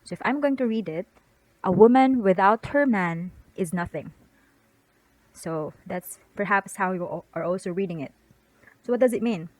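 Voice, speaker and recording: A woman's voice: lowish voice, darkish tone, no room sound, low-quality recording. A woman teaching an online lecture, explaining step by step with tag questions and frequent restarts.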